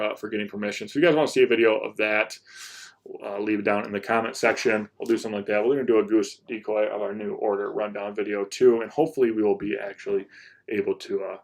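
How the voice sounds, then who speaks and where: Young male hunting vlogger, casual and rambling, slightly low voice. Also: creaky. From Michigan. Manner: rambling, restarts and repeats words. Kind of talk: casual vlog talk to viewers.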